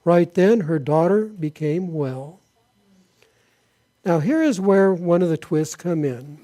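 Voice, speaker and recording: A pastor delivering a sermon, his voice pitched high for a man yet mellow and soft in tone. He reads Bible passages aloud and then turns to his listeners with questions. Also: animated, takes it slowly. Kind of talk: sermon reading scripture.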